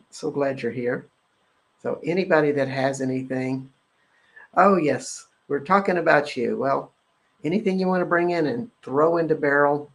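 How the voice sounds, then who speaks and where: A man leads a guided energy-clearing session as host of his own show. He speaks in a halting, filler-heavy way. He keeps returning to a repeated chant-like phrase, in a middle-pitched voice. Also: rough recording.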